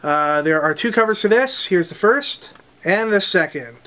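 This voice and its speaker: A man, hosting a comic shop unboxing and briskly listing new releases with dry asides. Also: high-pitched, lively intonation, sharp tone. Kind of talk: unboxing product rundown. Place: comic book store.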